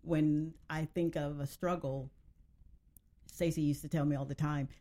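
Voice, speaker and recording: Animated storytelling woman, lowish voice. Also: a little slow. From Mississippi. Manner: animated storyteller, laughs often. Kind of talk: casual chat.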